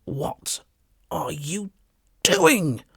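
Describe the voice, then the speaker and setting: A frantic little terrier , as a man puts him on, yelps in a strained, high voice. His bewildered outrage never settles. The voice is dry and close. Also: sing-song, a little slow, a bit bright, husky, no echo, exaggerated voice. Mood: indignant. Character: distressed male Jack Russell dog.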